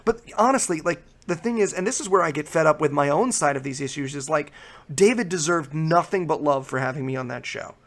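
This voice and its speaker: A man's voice: a little high, fairly quick, a bit bright. A man guesting on a podcast, explaining his views at length in earnest, casual discussion.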